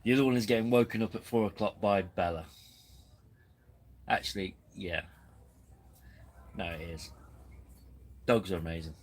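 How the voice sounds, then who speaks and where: Chatty man, low voice. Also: fairly even intonation, normal speed, pauses often, poor audio. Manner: rambling, chatty, self-deprecating. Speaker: camping channel host. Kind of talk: casual live-stream chat. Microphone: camera on tripod.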